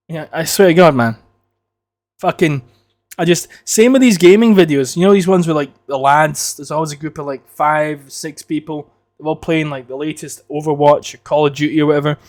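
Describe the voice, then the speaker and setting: A man rambling through a casual solo podcast, swearing freely and ranting with a joking edge. His voice sits a little higher than most men's. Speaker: podcast host.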